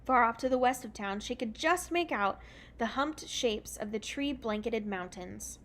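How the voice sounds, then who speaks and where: A woman's voice: a little high, unhurried. Woman reading a children's book aloud. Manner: relaxed, unpolished, corrects her slips. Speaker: reader.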